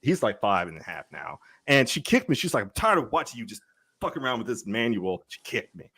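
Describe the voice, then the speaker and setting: A man's voice: medium pitch, big pitch swings, a little fast, bright, forceful tone, husky. A man guest telling a casual anecdote, stammering and acting out the people he quotes. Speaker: guest author. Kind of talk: casual storytelling.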